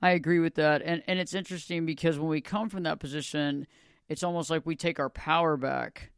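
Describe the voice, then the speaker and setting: A man's voice: a little high, fairly even intonation, a little fast, gravelly, fairly bright tone, clean tone, no room sound, clean studio sound. A man hosting a podcast interview, enthusiastic and often repeating words as he starts a sentence. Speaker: podcast host.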